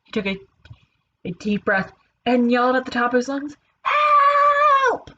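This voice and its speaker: A woman teacher reading a children's picture book aloud, playful and expressive. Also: on the high side, a little fast, muffled recording, slight background noise.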